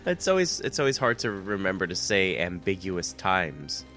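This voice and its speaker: A man's voice: deep voice, big pitch swings, moderate pace, a bit bright. A man co-hosting a video game music podcast, stuffed up with a cold, with a dry sense of humor. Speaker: podcast co-host. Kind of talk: casual chat.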